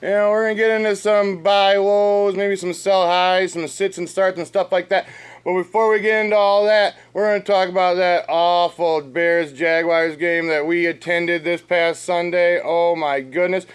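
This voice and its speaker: Guy with a highish voice ranting and swearing about his football team, fed up, yelling at them like they can hear him. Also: steady tone, normal speed, clean tone. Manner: exasperated, sweary, addresses the team directly. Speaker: fantasy football podcast co-host. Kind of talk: profane comedic rant and sports chat.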